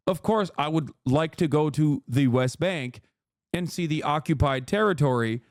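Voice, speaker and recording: Guy streamer yelling back at chat, sarcastic, kinda high voice, dry close mic. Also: no room sound. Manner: heated, argumentative, sarcastic, talks back to chat. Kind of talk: livestream commentary.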